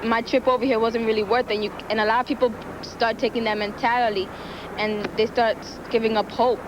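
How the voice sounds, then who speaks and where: A woman with a slightly high voice gives a frank, emphatic documentary interview. Street and traffic noise sits clearly behind her. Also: level tone, fairly quick, dull audio.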